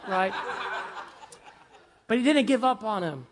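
A man preaching a sermon in a conversational way, often asking "right?" and "amen?", moving between loud emphasis and hushed, soft lines. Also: sits high, animated, takes it slowly, a little hiss or hum. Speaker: pastor.

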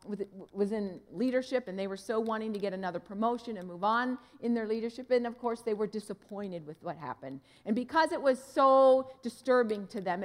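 A woman pastor preaching a sermon, telling a story with lively acted-out dialogue. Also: fairly high pitch, long reverb tail. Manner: animated, acts out dialogue in her story.

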